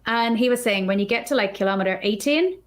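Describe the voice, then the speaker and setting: A woman guest on a podcast, telling a story in a chatty, animated way and acting out her own thoughts. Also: on the high side, fast talker. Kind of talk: casual storytelling.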